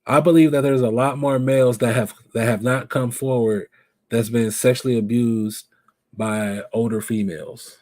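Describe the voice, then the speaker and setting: A man's voice: mid-range voice, steady tone, moderate pace, darkish tone, no room sound, studio quality. A man hosting a live stream show, chatting casually and animatedly and asking his viewers questions.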